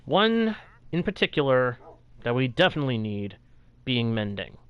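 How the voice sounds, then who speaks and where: A man's voice: medium pitch, big pitch swings, normal speed, clear, resonant tone, lo-fi sound. A man streaming a video game, chatting casually and greeting viewers from chat in a friendly way. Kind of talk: live gameplay commentary with chat greetings.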